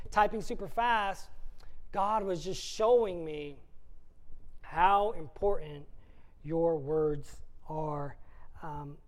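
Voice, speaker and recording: A woman's voice: low-pitched, measured pace, darkish tone, low-quality recording. A woman delivers a sermon as a visiting preacher. She talks in an easygoing, conversational way but leans hard on key words. She keeps asking her listeners rhetorical questions. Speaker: guest preacher.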